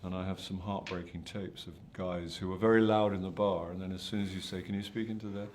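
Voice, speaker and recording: A man's voice: deep voice, steady tone, fairly quick, a little mellow. An older man, an actor answering interview questions in a hesitant, self-deprecating way with many restarts. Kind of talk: press junket interview.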